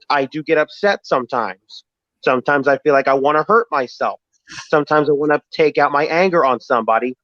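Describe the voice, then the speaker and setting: A man on a live stream who answers every jab defensively and says the same line again and again as he explains how he feels. His voice sits a little high. The sound is dry and dull, like low-fi stream audio. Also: no room sound. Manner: defensive, repeats himself, explains his feelings. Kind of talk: heated live-stream argument.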